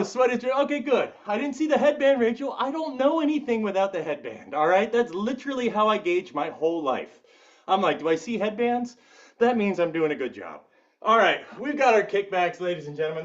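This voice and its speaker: A man leading a live workout class as fitness instructor, counting reps and joking with the class, with bursts of high whoops. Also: far from the mic, lo-fi sound.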